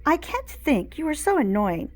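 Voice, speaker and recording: A woman's voice: medium pitch, big pitch swings, a little slow. A woman voicing a bossy, whiny young schoolgirl in a storybook read aloud, demanding and pushy.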